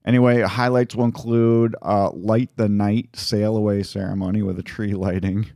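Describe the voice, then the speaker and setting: Lower-voiced man hosting a comedy podcast. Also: flat delivery, moderate pace, creaky, mellow, dry recording, clean studio sound. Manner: chatty, laughs while reading news items. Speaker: podcast co-host. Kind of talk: casual comedy podcast chat. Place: studio.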